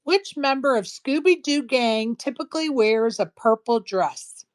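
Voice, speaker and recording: A woman hosting a casual trivia night in an online group audio chat, chatty and quick to joke and laugh. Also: a little high, lively intonation. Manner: chatty, laughs easily, jokes around. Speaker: host.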